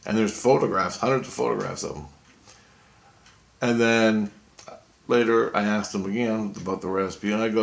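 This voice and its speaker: A man in a rambling, profane monologue, telling his story excitedly. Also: lowish voice, moderate pace, vocal fry.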